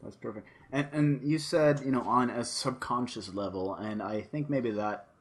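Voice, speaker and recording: A man's voice: medium pitch, moderate pace. A man hosting an interview, curious and asking follow-up questions. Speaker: interview host. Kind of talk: interview conversation.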